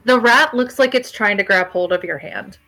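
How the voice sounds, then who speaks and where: A woman's voice: mid-range voice, moderate pace, sharp tone, soft background music, rough recording. A woman narrating as game master, casual and chatty, with plenty of fillers. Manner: casual, filler-heavy narration with dog noises.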